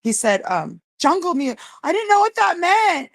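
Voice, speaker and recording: A woman hosting a casual livestream, talking bluntly and rambling with plenty of swearing, her greetings to viewers jumping up high and excited. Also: normal speed, creaky, dry recording. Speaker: livestream host.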